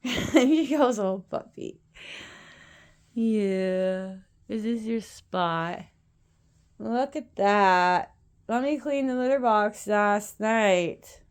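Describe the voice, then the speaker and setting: A woman's voice: medium pitch, very slow, clear, resonant tone. A woman at home chatting casually while filming her cats, laughing often and cooing at her pets. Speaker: pet vlogger. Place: at home, indoors.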